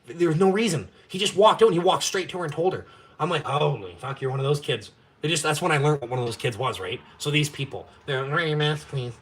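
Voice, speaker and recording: Fast, profane ranting young man. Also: fairly high pitch, animated. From Canada. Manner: profane, blunt, fired-up ranting. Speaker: live-stream host. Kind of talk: ranting casual chat.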